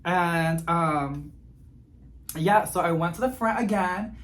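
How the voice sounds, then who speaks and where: Expressive man venting a story. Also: high voice, slow pace, slight background noise. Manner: expressive, gets animated and exasperated while venting. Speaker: plant vlogger. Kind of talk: casual storytelling chat.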